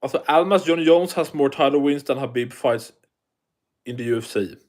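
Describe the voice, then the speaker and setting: A man's voice: medium pitch, fairly quick, a little mellow. A man from Sweden, hosting a casual live stream, chatting and reading the chat aloud while swearing freely.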